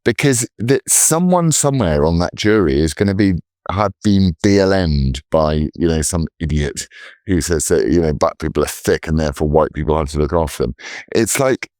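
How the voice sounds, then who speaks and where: A man on a podcast, indignant and animated as he talks in long, run-on stretches. His voice is fairly low and swings widely in pitch. The recording is dry and close. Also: moderate pace, dry recording. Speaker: podcast co-host. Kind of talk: casual political chat.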